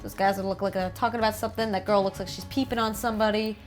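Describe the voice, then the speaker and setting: A woman's voice: mid-range voice, fairly even intonation, quick pace, faint music behind. A woman with a New Jersey accent, casually riffing and joking as she reads about game art. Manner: chatty, jokey, reads aloud and riffs. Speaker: host.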